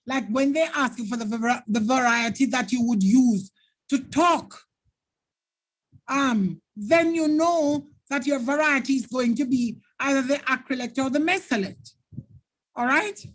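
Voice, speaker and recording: A Jamaican woman teacher running a live online exam-prep lesson, explaining patiently and thanking viewers by name. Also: high voice.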